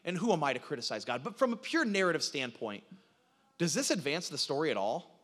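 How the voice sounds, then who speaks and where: A man preaching a sermon, animated, acting out quoted lines, with frequent restarts. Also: fairly high pitch, fairly quick. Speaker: pastor. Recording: reverberant hall sound.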